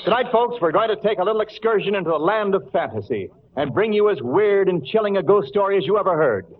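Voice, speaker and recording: A man's voice: high voice, sing-song, fast talker. A man hosting an old radio comedy show, narrating a spoof with wisecracking punchline timing. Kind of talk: comic narration for a radio audience. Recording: tinny old radio broadcast with hiss.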